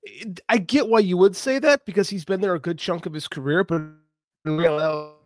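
A man co-hosting a podcast, talking casually about wrestling in an animated way, catching and correcting himself and swearing now and then. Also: sits high, normal speed. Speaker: podcast co-host.

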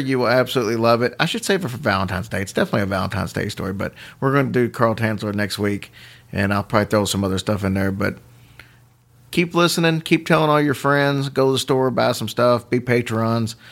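A man hosting a podcast, telling a story in casual chat with lively asides and chuckles. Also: mid-range voice, gravelly. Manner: animated, quick asides and chuckles. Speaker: podcast host.

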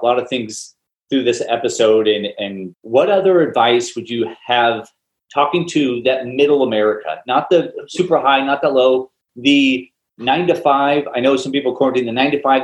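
Brief: male podcast host, laid-back and friendly, roomy echo. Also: mid-range voice. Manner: casual, friendly, calls guest brother. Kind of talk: casual podcast interview.

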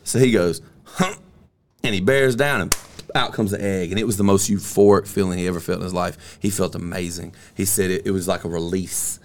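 A man's voice: low-pitched, fairly even intonation, fairly quick, slight background noise. A middle-aged man hosting a podcast, telling a long joke in casual, rambling talk. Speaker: podcast host.

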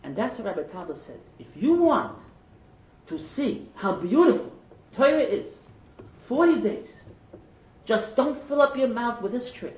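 A preacher with a very high voice tells stories in a sermon at a measured pace, growing animated and often rising to shouted emphasis. The lo-fi recording sounds echoey and dull, as if taped in a large room.

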